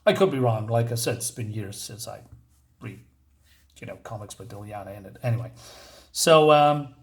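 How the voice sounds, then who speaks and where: A man's voice: lowish voice, moderate pace, pauses often. A man reviewing a comic book in a rambling rant, exasperated and sarcastic, with many fillers and restarts. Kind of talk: ranting review.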